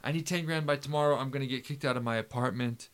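A man's voice: medium pitch, fast, lightly acted. A man putting on the voice of a pushy young male phone scammer, wheedling and insistent, during a casual chat. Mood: pleading.

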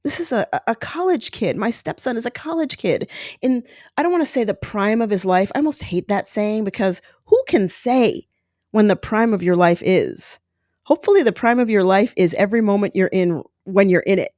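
A woman's voice: medium pitch, lively intonation, moderate pace, a little mellow, dry recording. Frank middle-aged woman podcaster, dry sound. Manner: candid, frank, emotional. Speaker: podcast host. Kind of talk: personal monologue.

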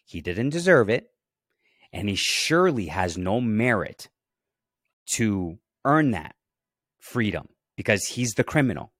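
A man's voice: on the low side, big pitch swings, unhurried, long pauses, fairly bright tone, no room sound, studio quality. A man hosting a Bible teaching podcast. He reads scripture aloud and stops often to stress key words and press his listeners to take them in.

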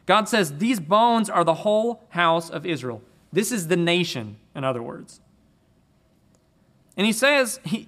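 A man's voice: a little high, a bit bright. A man preaching a sermon and explaining scripture, earnest, often repeating words as he restarts.

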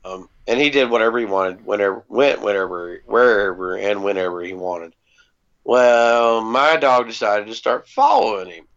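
A man with a gravelly, low-fried voice at an ordinary pitch spins a rambling anecdote in an easygoing, profane way, dotted with ums. The audio is dull and lo-fi, like a home podcast recording. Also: expressive, moderate pace, fairly bright tone. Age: adult parent. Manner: laid-back, swears freely, many ums. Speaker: podcast co-host. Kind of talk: casual storytelling chat.

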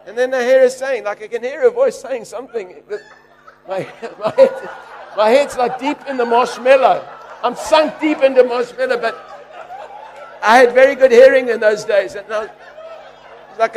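A middle-aged man preaching, animated, shouting and laughing as he tells a story. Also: extremely high pitch. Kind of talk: sermon storytelling.

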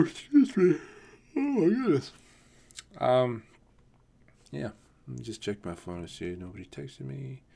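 A man's voice: mid-range voice, creaky. A man rambling in a casual solo podcast, swearing often and laughing at himself. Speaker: podcast host. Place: home, not on camera.

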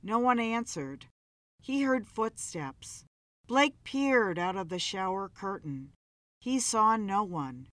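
Slow, dramatic woman storyteller. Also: mid-range voice, expressive, a bit bright, no room sound. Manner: measured, dramatic reading. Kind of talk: storybook narration.

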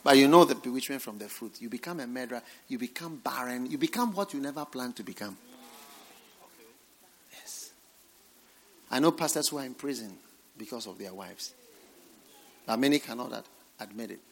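A male preacher delivering a revival sermon. He swings from hushed asides to shouted points and repeats his phrases for emphasis. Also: mid-range voice, animated, normal speed, long pauses. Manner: dramatic swings between hushed and shouted lines.

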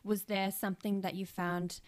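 A woman hosting a podcast interview in a relaxed, encouraging way, laughing often. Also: mid-range voice, normal speed, no echo. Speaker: podcast host.

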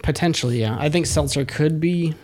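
A man co-hosting a podcast in casual chat, jokey and quick to laugh, often asking leading questions. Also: on the high side, a little mellow. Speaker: podcast co-host.

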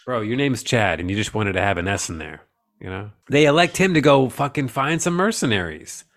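A man's voice: mid-range voice, lively intonation, brisk, fairly bright tone. A man co-hosting a casual, profane movie-review chat, rambling and joking crudely. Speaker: podcast co-host.

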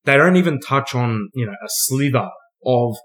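A man's voice: mid-range voice, animated, moderate pace, fairly bright tone. A man chatting casually about a film as a podcast co-host, rambling and sweary.

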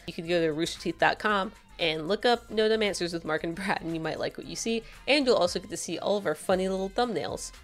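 A woman guesting on a podcast, chatting casually and telling a long joke. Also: lowish voice. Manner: relaxed, chatty, with fillers and laughter.

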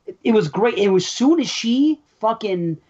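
A speaker gives blunt, forceful opinions in a casual chat about a film, swearing often. The voice sits at an ordinary pitch. The audio is slightly dull. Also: expressive, moderate pace, slightly rough.

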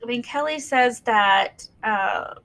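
A woman's voice: fairly high pitch, slow pace, a bit bright, slight background noise, poor audio. A woman co-hosting a podcast in casual chat, chatty and sarcastic, rambling through a story. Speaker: podcast co-host.

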